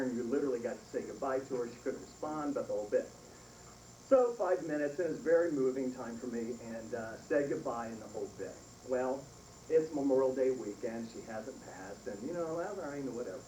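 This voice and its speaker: A man's voice: mid-range voice, fairly quick. A middle-aged man giving a eulogy for his mother, telling a funny family story with lots of laughter. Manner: animated storytelling with frequent laughs. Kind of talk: humorous storytelling at a funeral. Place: funeral service hall. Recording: echoey room from far off, noisy.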